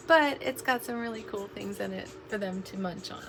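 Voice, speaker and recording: A young woman casually narrating a vlog about her pet birds at home. She laughs often and coos to them in a high sing-song voice. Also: measured pace, creaky. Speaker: pet bird vlogger. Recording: loud bird chirping noise behind.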